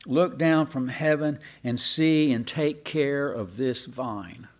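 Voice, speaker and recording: Preaching slowly and with weight, a man of medium pitch leans on rhetorical questions. Sometimes he stops partway into a phrase and restarts it.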